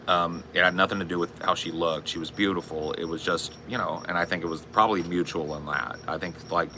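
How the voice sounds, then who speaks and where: A man's voice: low voice, fairly even intonation, fairly quick, background noise. A man in his forties chatting casually on a live stream, rambling and swearing in a bro-ish way. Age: 40s. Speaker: streamer and podcast host.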